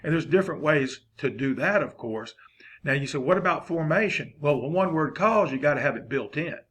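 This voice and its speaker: A man's voice: on the high side, expressive, a little fast, fairly bright tone, slightly rough. A man, giving a folksy, rambling football coaching lesson.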